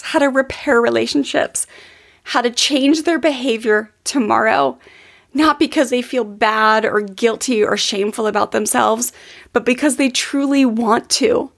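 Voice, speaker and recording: A woman in her thirties hosts her own podcast, speaking earnestly and from the heart. Her voice sits a little high and has a gravelly, fry-tinged texture. She talks loosely and conversationally, full of "like" and "um.". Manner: earnest, warm-hearted, with frequent fillers like "um" and "like". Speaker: podcast host. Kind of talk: heartfelt personal storytelling.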